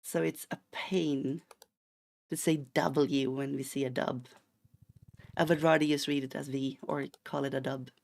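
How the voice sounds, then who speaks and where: A man's voice: medium pitch, flat delivery, unhurried, vocal fry. A Swedish-accented man from Sweden, a streamer chatting casually and playfully while he plays a game, given to rambling asides and mock-indignant outbursts. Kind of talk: casual chat while gaming.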